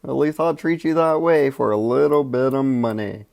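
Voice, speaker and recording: A man voicing a pushy salesman who hawks cheap goods in a mocking, overblown pitch. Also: normal speed, creaky, a little mellow, lightly acted. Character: pushy male huckster hawking cheap goods.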